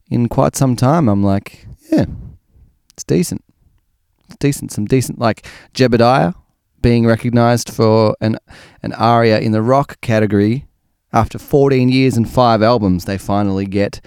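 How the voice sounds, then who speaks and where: A man's voice: on the low side, gravelly, a little mellow, clear, resonant tone, dry recording, clean studio sound. Rambling jokey podcast host man. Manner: jokey, rambling, full of ums and asides. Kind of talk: casual podcast outro. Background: faint music, stopping near the end.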